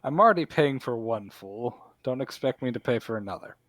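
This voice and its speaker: A haughty, moneyed bird of a man, played by a man running the game, cool and condescending in his dealings. He speaks a little lower and softer than the narrator's own voice, and the sound is dry and close, with no room around it. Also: expressive, a little fast, no room sound, close to an everyday voice. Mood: scornful. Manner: dismissive, condescending. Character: wealthy scheming male bird patron.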